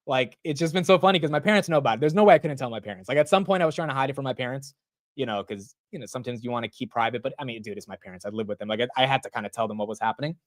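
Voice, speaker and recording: A man in his twenties hosting a casual live market stream, rambling and excitable, often saying bro and dude. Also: medium pitch, racing, no room sound. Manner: rambling with frequent restarts. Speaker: stock market livestream host.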